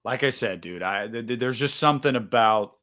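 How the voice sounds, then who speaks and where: A man hosting a loose chat about horror movies. He talks with lots of swings in energy and swears freely. His voice sits at an ordinary pitch. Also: a little fast. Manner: animated, swears freely, acts out scenes in exaggerated voices. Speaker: podcast host. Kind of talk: casual movie discussion.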